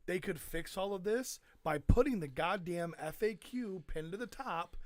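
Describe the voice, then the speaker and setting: A man's voice: sits high, lively intonation, normal speed, no room sound. A man co-hosting a casual podcast, ranting and swearing freely about an online forum. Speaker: podcast co-host. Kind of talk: casual chat.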